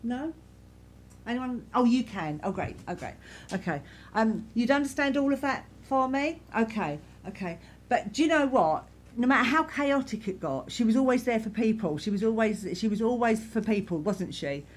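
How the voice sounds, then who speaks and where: A woman serving as a spiritualist medium, speaking softly and reassuringly to a congregation in a church, repeating herself often. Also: a little high, lively intonation, normal speed. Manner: gentle, reassuring, repetitive, many "you know"s. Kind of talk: giving spirit messages to a congregation.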